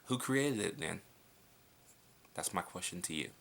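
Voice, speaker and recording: At home indoors at night, a young man with a deep, gravelly voice answers viewer questions in a relaxed vlog. His tone is bright and edgy, and he speaks in an unhurried, laid-back, blunt way, swearing freely.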